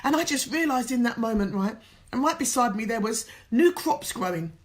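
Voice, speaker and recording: A woman's voice: fairly high pitch, lively intonation, normal speed. A woman life coach from England telling an earnest, emotional motivational story, tearful at times. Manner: emotional, earnest, tells a story with quoted dialogue.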